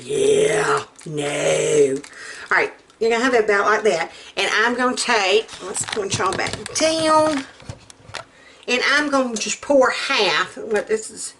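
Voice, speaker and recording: A woman's voice: mid-range voice, lively intonation, takes it slowly, fairly bright tone, a little hiss or hum. A middle-aged woman, chatting in a folksy, rambling way while showing a recipe in her home kitchen. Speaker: home cook host. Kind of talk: casual cooking demonstration.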